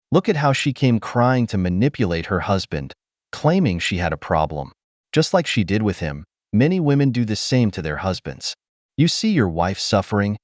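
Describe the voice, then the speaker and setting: A man's voice: fairly low pitch, darkish tone, dry recording, clean studio sound. A man narrating scripted commentary in a preachy way, addressing listeners as brothers.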